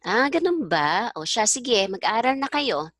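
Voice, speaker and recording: A woman's voice: on the high side, sing-song, moderate pace, fairly bright tone, no room sound, studio quality. A woman voicing a Filipino mother in a plain read-aloud practice dialogue, greeting her son's classmate. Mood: friendly.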